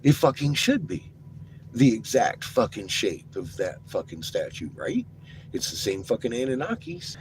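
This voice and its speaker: A man rambling excitedly in a casual vlog, swearing often and laughing as he talks. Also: medium pitch, a little slow. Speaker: vlogger. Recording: noisy, with vehicle ambience.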